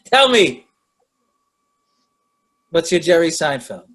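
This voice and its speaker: A man's voice: a little high, big pitch swings, extremely slow, a bit bright. A man hosting a podcast, joking with his guest and egging her on. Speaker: podcast host. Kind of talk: casual interview chat.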